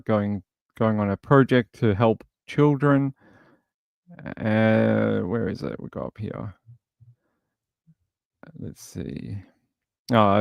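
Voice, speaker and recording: A man's voice: on the low side, gravelly, no echo. A man hosting a casual livestream, chatting and thinking aloud as he scrolls through material. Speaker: livestream host.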